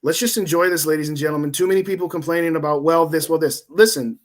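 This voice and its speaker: Forties male co-host, opinionated rambler, fairly high voice. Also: steady tone, fast. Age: 40s. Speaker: podcast co-host. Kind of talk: casual sports talk.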